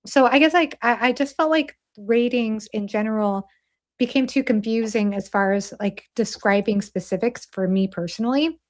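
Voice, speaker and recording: A woman's voice: fairly high pitch, normal speed. A woman guest in a casual discussion, earnest and filler-heavy, explaining her views.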